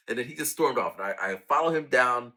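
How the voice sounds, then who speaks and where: A man telling casual stories about his own raps, lively and acting out sounds and quotes. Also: medium pitch. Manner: animated, acts out quotes and sound effects. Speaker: rapper talking about his own songs. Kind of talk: casual storytelling.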